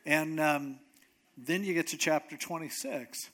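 A male pastor retells a scripture story in a casual, conversational sermon. His voice sits a touch high, and he narrates with lively, informal asides. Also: measured pace.

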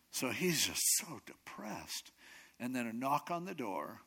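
Chatty male preacher, lively and expressive, slipping into characters. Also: mid-range voice, measured pace. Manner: chatty retelling with frequent acted quotes. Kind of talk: casual sermon storytelling.

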